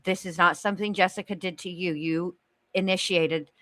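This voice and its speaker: A woman's voice: on the low side, fairly even intonation, normal speed, sharp tone, dry recording. A woman co-hosting a casual commentary chat, pleading earnestly and reading aloud with blunt asides. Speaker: co-host.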